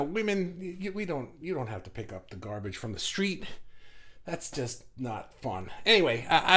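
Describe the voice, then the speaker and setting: A man's voice: mid-range voice, a bit bright. A middle-aged man hosting a casual livestream for an online group. He talks in a rambling, chatty way and restarts his sentences often.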